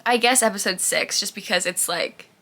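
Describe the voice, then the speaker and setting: A mid-range, sharp-toned female voice moves at a moderate pace through a casual, chatty vlog. Out of breath, she rambles and gushes about what she watches, with "like" peppering her speech.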